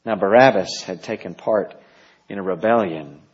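A man preaching a sermon, praying quietly and reading scripture aloud with growing intensity. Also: lowish voice, moderate pace, slightly rough. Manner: prays softly, then reads scripture with rising intensity. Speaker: pastor. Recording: dull lo-fi sound.

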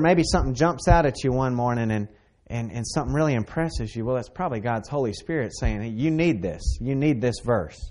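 A man preaching a sermon, earnest and emphatic, repeating phrases and swinging between loud and soft. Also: medium pitch. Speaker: pastor.

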